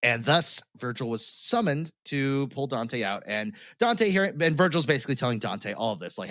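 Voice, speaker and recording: A man's voice: medium pitch, very animated, moderate pace, hardly any pauses, a bit bright, dry recording. A man hosting a podcast, retelling a story in casual chat, laughing often and swearing freely. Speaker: podcast host.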